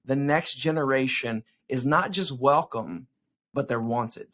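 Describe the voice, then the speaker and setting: A youth evangelist in his forties answers interview questions as an animated storyteller, repeatedly checking in with "right?". His voice is medium-pitched and his pace unhurried.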